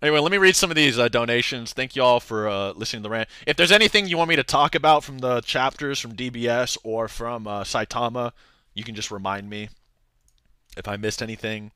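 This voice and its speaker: A man's voice: mid-range voice, a little fast, pushed and bright, smooth, no echo, studio quality. A young man streaming and chatting casually, rambling loosely with lots of filler words and slang. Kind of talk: casual livestream rant.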